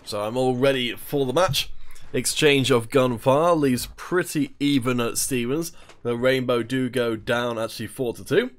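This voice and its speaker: A man's voice: mid-range voice, measured pace. Male esports caster, chatty and casual, jokes between plays, mid-range voice. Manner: chatty, jokey, talks while eating. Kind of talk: solo esports play-by-play commentary.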